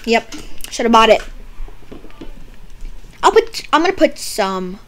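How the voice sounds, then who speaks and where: A young woman playing a doctor in a game roleplay, silly and teasing, with sudden loud outbursts. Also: a little high, sing-song, takes it slowly. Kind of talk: playful game roleplay banter.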